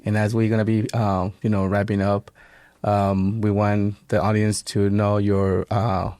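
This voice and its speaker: A man's voice: lowish voice, monotone, unhurried, darkish tone, dry recording. A man hosting a podcast, asking questions and wrapping up with many "uh" and "you know" fillers. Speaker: podcast host. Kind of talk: casual interview chat.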